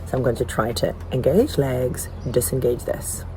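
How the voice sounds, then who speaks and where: A woman's voice: rumbling low, steady tone, moderate pace, background noise. A woman in her forties talking candidly to a camera on a bike ride outdoors, questioning herself, laughing often and sometimes getting emotional. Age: 40s. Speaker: vlogger training for a cycling event. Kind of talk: candid self-filmed monologue. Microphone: small camera carried while cycling.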